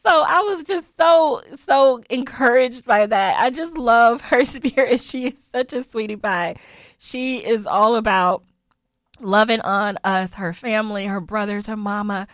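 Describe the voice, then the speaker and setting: A woman's voice: a little high, unhurried, dry recording. Chatty laughing woman in her forties. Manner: chatty, laughs often, animated storytelling. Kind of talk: casual personal monologue.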